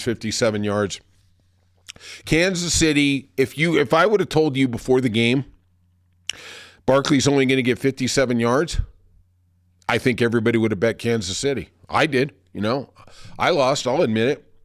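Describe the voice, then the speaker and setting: A middle-aged man hosts a podcast, spinning long, self-deprecating tales of old sports bets. His voice sits at an ordinary middle pitch, and the sound is dry and close, with no room around it. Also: no room sound. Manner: rambling, self-deprecating, laughs at himself. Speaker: podcast host. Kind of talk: casual sports-betting storytelling.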